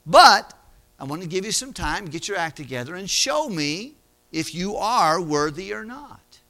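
A man's voice: sits high, big pitch swings, a little slow, bright, forceful tone, exaggerated voice. A man voicing a stern, wealthy landowner who speaks in a firm, businesslike way.

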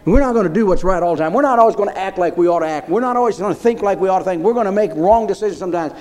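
A male pastor preaching a sermon, repeating phrases emphatically and rising into loud declarations. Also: high-pitched, very fast.

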